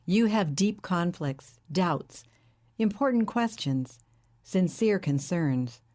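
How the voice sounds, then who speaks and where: A woman reading a huge, charismatic male psychic in an audiobook, with a deep, melodious, calm and patronizing manner. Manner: calm, measured, intimate.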